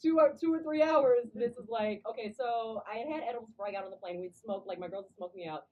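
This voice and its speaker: A woman telling a story to friends in a casual vlog, animated, swearing freely, acting out what people said. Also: on the high side, quick pace, recorded from a distance, highs cut off.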